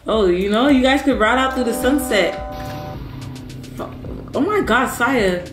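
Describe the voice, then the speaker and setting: Over music, a woman with a fairly high, unhurried voice hosts a gaming video, and her audio has a reverberant quality. She plays alongside someone and teases them like a playful, animated coach. It's casual gameplay commentary for her gaming channel.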